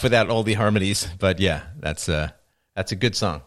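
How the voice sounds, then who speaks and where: A man's voice: deep voice, moderate pace. A middle-aged man hosting a livestream, reading viewer comments aloud and answering them with dry, wry jokes. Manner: dry joking, wry asides. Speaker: livestream host.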